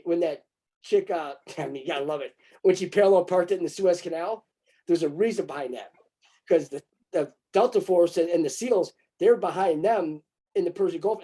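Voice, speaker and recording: Husky, mellow-voiced man rambling. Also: sits high. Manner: crude, rambling, mocking asides; breaks into mocking put-on voices. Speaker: conversation partner. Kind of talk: casual rambling talk.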